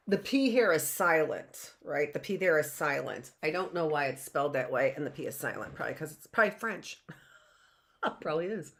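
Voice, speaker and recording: Casting note: woman teacher with a lowish voice, reading aloud and chatting, thinking out loud between passages. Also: animated, a little fast, gravelly. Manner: chatty, thinks aloud, often asks "right?". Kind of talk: reading aloud a book with live commentary.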